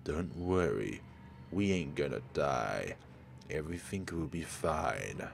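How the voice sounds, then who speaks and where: A man voicing an eerily calm male student in a horror game. He speaks his lines in a low, subdued voice. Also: takes it slowly, gravelly, slight background noise, full character voice.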